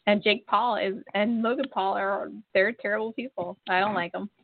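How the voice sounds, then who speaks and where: A woman's voice: mid-range voice, steady tone, normal speed, a little hiss or hum. Blunt gossipy woman on a tinny line. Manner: blunt and gossipy, laughs often. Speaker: podcast co-host. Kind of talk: casual chat. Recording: tinny phone-like sound.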